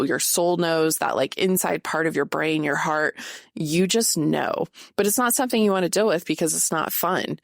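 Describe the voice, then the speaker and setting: A woman's voice: low-pitched, creaky, no echo, studio quality. A woman in her late thirties hosting a podcast, talking candidly and casually with lots of fillers. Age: 30s. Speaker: podcast host. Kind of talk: casual solo podcast talk.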